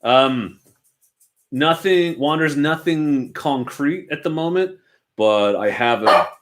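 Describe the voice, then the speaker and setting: A slow, lively voice on the high side, fairly bright in tone, belongs to a young adult man from Oregon, United States. As a motorcycle channel host in his home garage, he answers viewers in a casual, self-deprecating way.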